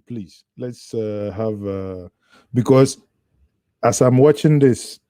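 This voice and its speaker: A man's voice: mid-range voice, takes it slowly, mellow, no room sound, clean studio sound. A male commentator reacting to a clip with sarcastic, chatty asides. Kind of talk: casual commentary.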